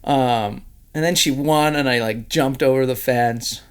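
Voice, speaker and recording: A man from Canada, a podcast guest telling stories in casual chat, animated and laughing often. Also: mid-range voice, measured pace, smooth. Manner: animated storyteller who laughs often and puts on quoted voices.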